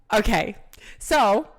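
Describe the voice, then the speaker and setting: Animated young woman telling a story. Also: fairly high pitch. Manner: animated, dramatic retelling with acted quotes. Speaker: podcast co-host. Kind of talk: casual storytime chat.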